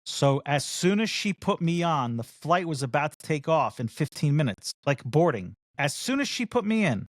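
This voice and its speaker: A man's voice: on the high side, normal speed, no room sound, studio quality. A man co-hosting a casual podcast, telling a long story and acting out the other people in it. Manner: animated storyteller who acts out the other people in his story. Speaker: podcast co-host. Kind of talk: casual chat.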